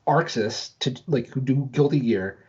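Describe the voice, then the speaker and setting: Dude co-hosting a game podcast, animated, swears, muffled lo-fi audio. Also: male voice, mid-range voice, moderate pace, breathy edge. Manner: animated, swears, laughs easily. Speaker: podcast co-host. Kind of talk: casual gaming podcast chat.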